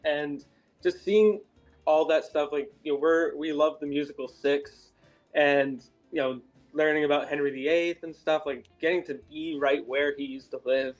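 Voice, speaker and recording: A man's voice: fairly high pitch, fairly even intonation, moderate pace, muffled recording, faint music behind. An American man from Massachusetts, a guest in a casual interview, chatting in a friendly, rambling way. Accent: American English. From Massachusetts, USA. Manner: friendly, rambling with fillers and laughs.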